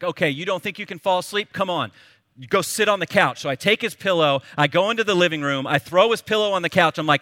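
A man in his thirties preaching a sermon, telling a family story in an animated, conversational way. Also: on the high side, no room sound, studio quality, big-room sound. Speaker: pastor.

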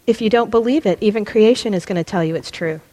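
A middle-aged woman teaching a Bible lesson in a church hall, impassioned and pressing her points, rising almost to a yell. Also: medium pitch, fast talker. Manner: impassioned, rising to near-yelling at peaks. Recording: long hall reverb.

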